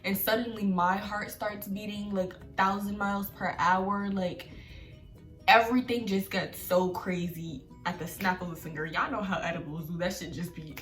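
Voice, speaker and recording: A young woman vlogger telling a story in animated slangy talk with laughs, recorded a bit off-mic in an echoey room with faint music. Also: medium pitch, normal speed, distant mic. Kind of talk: storytime vlog.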